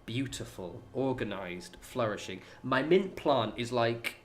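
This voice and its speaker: A man's voice: mid-range voice, animated, measured pace, a little hiss or hum. A man chatting casually on a gaming livestream at home, rambling and swearing freely. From United Kingdom. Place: home apartment.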